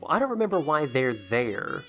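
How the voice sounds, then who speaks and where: A man's voice: mid-range voice, very animated, normal speed. A man co-hosting a casual movie podcast, his voice swooping up and down as he riffs sarcastically on the plot. Faint music plays under the talk. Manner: sarcastic, jokey, acts out characters in silly voices. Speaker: podcast co-host. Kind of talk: casual movie commentary chat.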